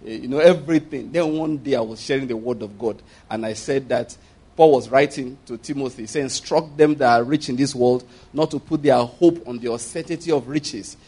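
A man's voice: medium pitch, brisk, warm tone, slightly rough. A middle-aged man with a Nigerian accent preaching a sermon, emphatic, repeating phrases and acting out quoted speech.

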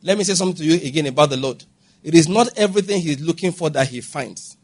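A man preaching a sermon, his voice husky and pitched high for a man. He presses each point hard and keeps checking that his listeners are following him. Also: fast, a little mellow. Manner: emphatic, repeats questions to the congregation. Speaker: pastor.

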